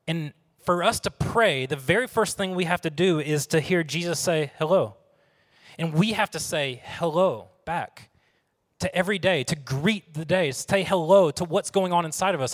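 With a fairly high, animated voice at normal speed, a pastor delivers a conversational sermon, asking his congregation questions. The church sanctuary gives the recording a long, reverberant hall sound.

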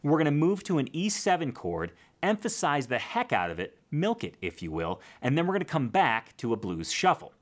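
Lively-voiced man teaching blues guitar. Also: a little high, normal speed, few pauses. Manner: relaxed, explanatory, counts beats aloud. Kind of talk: casual guitar lesson.

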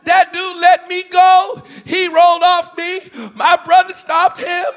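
Guy preaching in a big church, really high voice, loud story bits, lots of reverb. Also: measured pace. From US Northeast. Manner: animated storytelling, repeated questions, bursts of shouting. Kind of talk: storytelling sermon. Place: large church hall with thousands present. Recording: large hall reverb.

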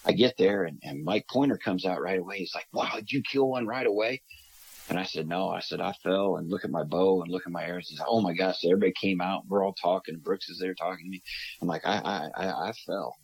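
A man from Minnesota telling a story on a podcast, talking in a lively way and acting out the voices of the people he quotes. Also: low-pitched, quick pace, vocal fry, slightly rough, rough recording. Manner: animated, acts out quoted voices. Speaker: guest storyteller.

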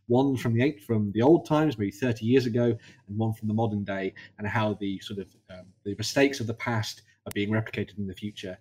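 Guy rattling through hobby news fast, chill and rambly, lots of ums. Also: lowish voice, slightly rough. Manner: relaxed, rambling, filler-heavy. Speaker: co-host. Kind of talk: casual chat.

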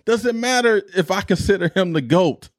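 Animated ranting podcast host, man. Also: high voice, normal speed, dry recording, studio quality. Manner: animated, exasperated ranting with repetition. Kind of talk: solo podcast rant.

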